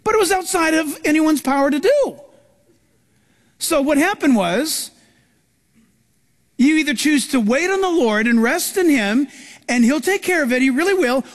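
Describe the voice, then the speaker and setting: A man preaching as a pastor, telling stories animatedly and acting out the voices of people in them. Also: very high-pitched. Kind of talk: sermon. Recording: live sermon in a reverberant hall.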